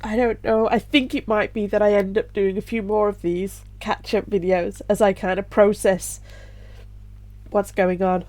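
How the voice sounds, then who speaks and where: A middle-aged woman, tearful, talking softly and reflectively to camera in a personal vlog as a self-published author. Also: mid-range voice, fairly even intonation, moderate pace, hardly any pauses. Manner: soft, reflective, with sighs and little laughs.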